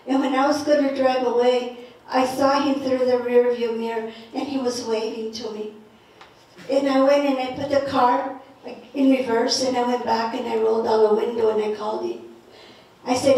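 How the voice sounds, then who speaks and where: New lady telling a story, high voice, playful, far off in a really echoey room. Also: normal speed, gravelly. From Northern New Mexico. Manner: lively and playful, laughing, mixes in Spanish words. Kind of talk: personal storytelling.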